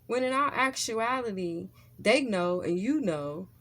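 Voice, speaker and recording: A woman's voice: a little high, animated, measured pace, fairly bright tone, slight background noise. Blunt, profane woman giving a tarot reading. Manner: blunt, profane, laughing, lots of "okay?" and "like". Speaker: tarot reader.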